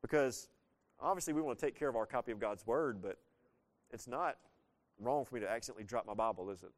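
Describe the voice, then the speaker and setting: A pastor preaching a sermon in a relaxed, conversational way, often turning questions back to his congregation. His voice sits in a middle pitch for a man, and his loudness rises and falls as he drives his points home. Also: quick pace. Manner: lively preaching with frequent shifts in loudness.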